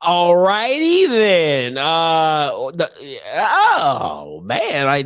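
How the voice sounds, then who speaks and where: Man, high-pitched sports talk host, hyped and chatty. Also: normal speed, few pauses. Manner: animated, swings between loud hype and muttering. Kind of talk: live call-in sports talk show.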